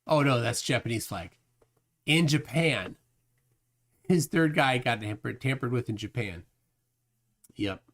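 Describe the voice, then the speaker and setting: A man hosts a casual livestream, reading out chat comments one after another. His pitch swings widely, rising and dipping as he rambles. He trails off and restarts often, with plenty of fillers between thoughts. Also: lively intonation, unhurried, long pauses.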